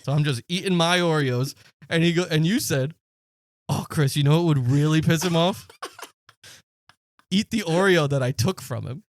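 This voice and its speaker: A man's voice: fairly high pitch, moderate pace, pauses often, dry recording. A man in his late twenties, a podcast co-host, telling a story in casual chat and acting out the quotes with plenty of swearing.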